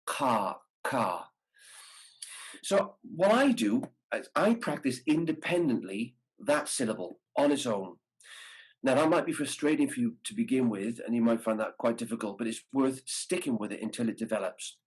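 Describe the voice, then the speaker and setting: A man's voice: mid-range voice, lively intonation, normal speed, husky, low-quality recording. A man teaching a brass masterclass over a video call, explaining tonguing patiently and sounding out practice syllables. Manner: demonstrates articulation syllables aloud. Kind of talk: masterclass instruction.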